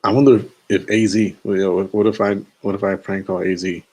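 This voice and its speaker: A man's voice: low-pitched, flat delivery, a little fast, darkish tone. A young man streaming late at night, chatting in a laid-back, slangy, rambling way and chuckling to himself. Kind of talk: casual late-night live stream chat.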